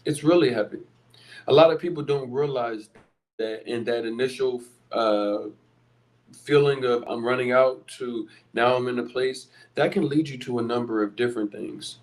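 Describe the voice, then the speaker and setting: Podcast host, male, Philly accent, middle pitch, talks straight to listeners with rhetorical questions. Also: moderate pace. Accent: Philadelphia. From Philadelphia, USA. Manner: conversational, rhetorical questions, blunt. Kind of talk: motivational monologue.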